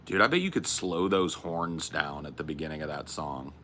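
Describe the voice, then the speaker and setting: A man's voice: a bass voice, moderate pace, pushed and bright, slight background noise. A young man co-hosting a podcast in loose, profane casual chat, saying dude and bro. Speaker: podcast co-host.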